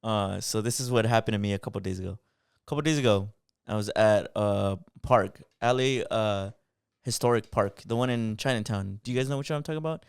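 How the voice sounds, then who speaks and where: A young man co-hosting a podcast, telling a story in a casual, animated way and swearing a lot. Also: fairly low pitch, a little fast, gravelly, clear, resonant tone, no room sound, clean studio sound. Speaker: podcast co-host.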